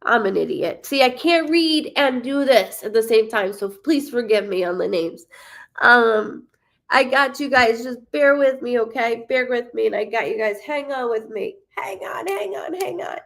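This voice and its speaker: A woman giving a live psychic reading. She speaks haltingly, with frequent ums and self-corrections, and apologizes to her viewers and reassures them. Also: a little high, fairly bright tone. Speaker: psychic medium. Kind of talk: live-streamed spirit reading.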